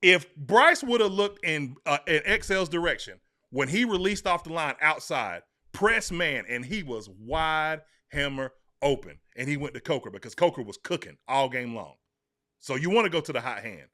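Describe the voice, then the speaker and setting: A man with a Southern US accent hosts a casual sports talk show, telling stories in an emphatic, animated way. His voice is a little high and moves at a moderate pace.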